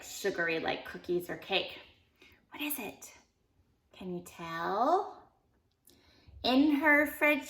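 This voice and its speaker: A young woman teaching young children phonics in a playful, animated sing-along lesson, singing short song lines between sounds. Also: mid-range voice.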